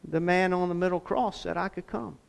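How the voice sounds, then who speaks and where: A preacher voicing a bewildered thief who answers in a hesitant, plain-spoken way. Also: male voice, sits high, fairly even intonation, brisk, vocal fry. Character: bewildered dying thief, adult man.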